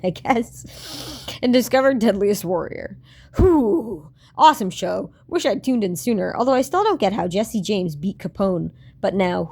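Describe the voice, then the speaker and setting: Wry, gravelly woman mocking her old diary. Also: medium pitch, warm tone. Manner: wry, self-mocking, swears, laughs often. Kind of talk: casual commentary on old diary.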